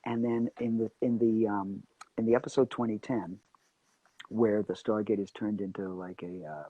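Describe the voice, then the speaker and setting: A husky-voiced man tells stories in an interview, jumping into quoted voices as he goes. His delivery is animated and chatty. The sound is close and dry, with no room around it. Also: lowish voice, moderate pace, no echo, highs cut off. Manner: animated storyteller acting out quotes. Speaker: actor guest. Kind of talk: anecdotal interview chat.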